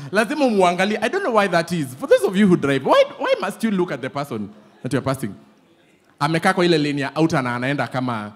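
A man with a Kenyan accent preaching a sermon, telling lively, playful stories and switching often between English and Swahili. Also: fairly high pitch, fast. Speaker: pastor.

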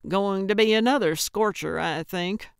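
A woman's voice: mid-range voice, normal speed, creaky, clean tone, no echo, clean studio sound, natural voice. A woman voicing a chipper older woman who plays amateur sleuth, talking in a perky, cheeky way.

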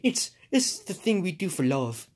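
A woman's voice: on the low side, big pitch swings, darkish tone. A woman voicing a cheerful male cactus with a put-on Spanish accent, dropping Spanish words in home toy play-acting. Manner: sprinkles Spanish words, drawn-out "oh, see". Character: cheerful male Mexican cactus, friendly and easygoing.

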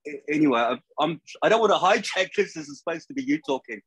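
An older man hosting an interview over a video call, speaking in a measured, thoughtful way. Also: fairly high pitch, lively intonation, a bit bright, slightly rough, no room sound, low-quality recording. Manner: measured, thoughtful, with small restarts. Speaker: podcast host.

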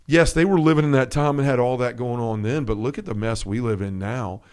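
A man retells a film scene on a casual faith podcast. He slips into the characters' lines as he goes, his pitch rising and falling freely, at an easy pace. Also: brisk, smooth. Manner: animated storyteller, acts out quotes. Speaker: podcast co-host.

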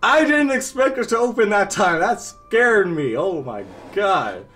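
A man's voice: high-pitched, very animated, unhurried, bright, forceful tone, soft background music. A man talking through a toy unboxing to viewers, exasperated and jumpy, breaking into laughter. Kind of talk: casual unboxing commentary.

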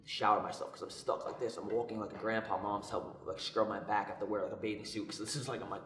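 A young man telling a personal story in a casual podcast chat, lively and acting out what others said. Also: on the low side, quick pace. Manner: animated, acts out quoted voices. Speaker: podcast co-host. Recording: echoey room.

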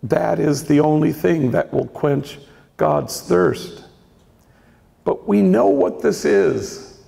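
An older man in his sixties, a priest giving a reflective storytelling talk on faith, with a gentle manner and a gravelly voice. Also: fairly high pitch, slow. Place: large lecture hall. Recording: reverberant hall.

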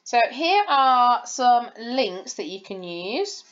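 Lively, slow-paced woman teacher. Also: a little high, highs cut off. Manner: patient, explaining step by step to young children. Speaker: primary school teacher. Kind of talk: recorded lesson over slides.

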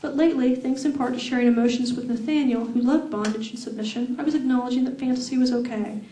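A woman's voice: sits high, fairly even intonation, dark tone, distant mic, slight background noise. Woman reading fiction aloud in an echoey room. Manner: slow, deliberate, sensual reading. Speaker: author reading her novel. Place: fan event room. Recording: echoey room heard from afar.

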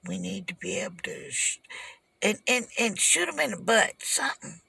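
Animated woman ranting, gravelly high voice. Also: moderate pace, no echo. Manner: animated, repetitive, swings from shouting to whispering. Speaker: delivery driver. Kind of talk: ranting vlog. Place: parked car in a driveway.

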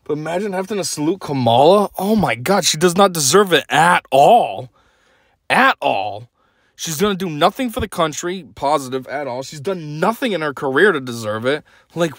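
A man's voice: on the high side, a bit bright, no echo. A young man hosting a podcast, delivering a blunt, sarcastic opinion rant. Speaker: podcast host.

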